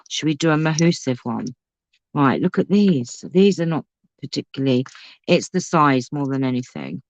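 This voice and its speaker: A woman's voice: rumbling low, a little mellow, no room sound, dull audio. A woman hosting a casual crafting livestream, chatting and thinking aloud as she works. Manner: chatty, thinks aloud, talks to her pet. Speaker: craft channel host.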